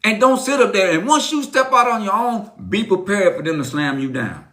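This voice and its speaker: A middle-aged man talks in a high, ringing voice on a live-stream motivational talk. He is emphatic and preachy, driving his points home by repeating them. The recording sounds like an echoey room. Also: lively intonation, brisk, bright, forceful tone.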